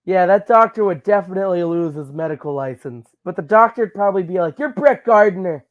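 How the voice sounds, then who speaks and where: High-voiced rambling man, improvising. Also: fast, phone-quality sound. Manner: rambling, stammering, acts out silly characters. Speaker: podcast co-host. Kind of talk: improvised comedy chat.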